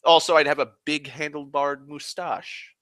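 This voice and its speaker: Bright, rambling, profane man from Massachusetts. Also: a little high, fairly even intonation, normal speed, no echo. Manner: profane, rambling, self-mocking. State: drinking whiskey, tipsy. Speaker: livestream host. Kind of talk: rambling casual monologue.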